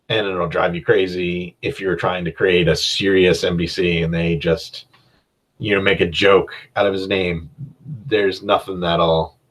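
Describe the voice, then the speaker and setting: Low-voiced man rambling podcast advice. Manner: rambling, conversational advice with frequent restarts. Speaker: podcast host and game master. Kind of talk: casual solo podcast monologue.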